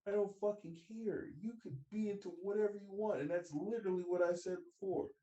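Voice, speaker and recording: A man's voice: sits high, fairly quick, dark tone, echoey room, dull audio. A young man hosting a podcast, talking bluntly and profanely in casual banter and laughing as he talks. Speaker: podcast host.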